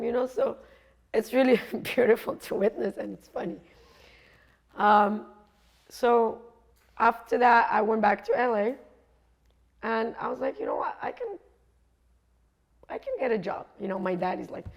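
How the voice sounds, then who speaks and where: Gravelly-voiced woman telling stories. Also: a little high, expressive, a little slow, pauses often. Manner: chatty, laughs often, acts out others' lines. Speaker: coach and speaker. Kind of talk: personal storytelling talk.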